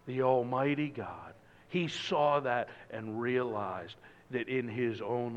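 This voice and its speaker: A man preaching a sermon, moving from loud emphatic lines to hushed, low passages. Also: takes it slowly, long reverb tail, dull audio, slight background noise. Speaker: pastor.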